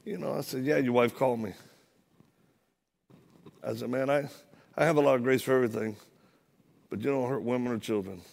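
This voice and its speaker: Gravelly guy preaching at church, funny storytelling, acts out all the voices. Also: mid-range voice, a little fast, pauses often. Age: adult, former Marine. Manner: humorous, animated storytelling with acted-out dialogue. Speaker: guest preacher. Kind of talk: storytelling sermon. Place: church, live audience.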